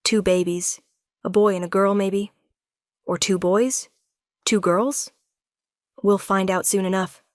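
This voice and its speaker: A tender, devoted young king from a romantic storybook, soft and earnest in everything he says, as a woman narrator reads his lines in her usual middle-pitched voice. The delivery stays fairly flat and even, and the sound is dry and close. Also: slow pace, long pauses, no echo, close to an everyday voice. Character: adoring young male king, tender and protective.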